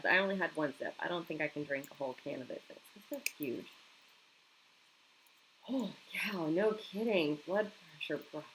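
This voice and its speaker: A woman's voice: on the low side, a bit bright, slight background noise, rough recording. A woman chatting casually on a home live stream, reacting to viewer comments and laughing often.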